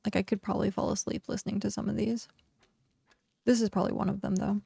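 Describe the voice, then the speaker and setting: A woman's voice: medium pitch, level tone, fast talker, creaky, dark tone, breathy edge, dry recording. A woman streaming a game and chatting casually, filling her talk with "like" and laughing often. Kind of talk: casual livestream chat.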